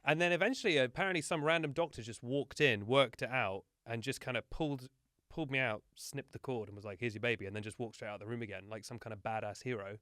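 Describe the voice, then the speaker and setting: A man chatting as a podcast guest and spinning self-deprecating anecdotes. His voice sits at an ordinary pitch, and the recording is close and dry, with no room sound. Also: fast talker, a bit bright, no echo. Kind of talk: casual chat.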